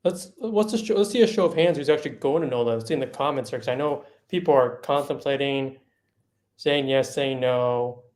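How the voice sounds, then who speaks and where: Quick-talking male guest who keeps the audience engaged. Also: medium pitch, a little mellow. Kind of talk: casual livestream chat.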